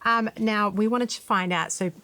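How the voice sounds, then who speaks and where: An Australian woman interviewing a guest, soft and appreciative, laughing easily. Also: medium pitch, fairly even intonation, moderate pace, no room sound. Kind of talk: friendly interview.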